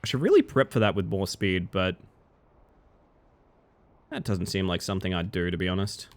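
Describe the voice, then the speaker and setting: Male streamer, casual and playful; leaps from giddy highs to quiet mumbles while he plays. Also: normal speed. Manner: playful, reads chat aloud and jokes, swings between excited yelps and low mutters. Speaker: live streamer. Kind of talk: casual live-stream chat while gaming.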